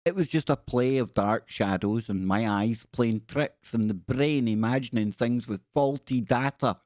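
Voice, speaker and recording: Male livestream host, playful and rambling, mid-pitched voice, dry close sound. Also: a little slow, darkish tone, no echo. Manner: playful, rambling asides with jokey spooky voices. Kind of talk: casual livestream chat, reading viewer stories aloud.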